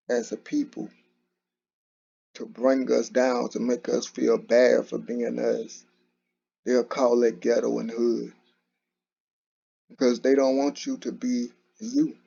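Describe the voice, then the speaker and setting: A commentary channel host, this man has a mid-range voice that is gravelly, mellow and slightly rough. He delivers casual solo commentary in a conversational way, with frequent restarts and repeated "you know," captured on a dull lo-fi recording.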